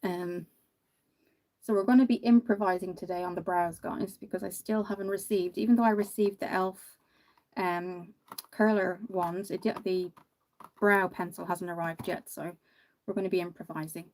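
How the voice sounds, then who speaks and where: A woman's voice: lowish voice, fairly even intonation, normal speed, a little hiss or hum. Tired Irish woman chatting on a livestream. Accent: Irish, not tied to one county, with some American mixed in. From Ireland. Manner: chatty, sympathetic, trails off quietly mid-thought. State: tired after one hour of sleep. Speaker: makeup livestream host. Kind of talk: casual livestream chat, reading out comments while doing makeup.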